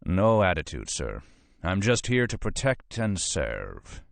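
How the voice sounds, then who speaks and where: A man voicing a sullen, insolent young police officer who answers in flat, clipped, sarcastic replies in an audiobook. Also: low voice, slow pace, gravelly, no room sound, exaggerated voice.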